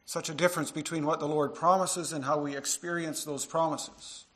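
A man preaching a sermon to his congregation, earnest, dropping to quiet asides and rising into emphatic passages. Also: fairly high pitch, steady tone, moderate pace. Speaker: pastor.

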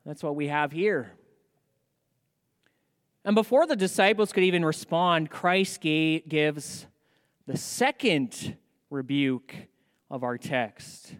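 High, resonant-voiced male preacher. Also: slow, pauses often, long reverb tail. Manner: animated preaching with rhetorical questions. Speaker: pastor. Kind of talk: sermon.

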